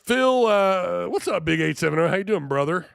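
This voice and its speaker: An animated male sports host talks on a live stream, his pitch leaping around as he reacts in disbelief to the news and jokes with chat. His voice sits fairly high for a man. The sound is close and dry, with no room echo. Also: moderate pace, vocal fry, clean tone. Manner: animated, incredulous, jokey with chat. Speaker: sports talk show host.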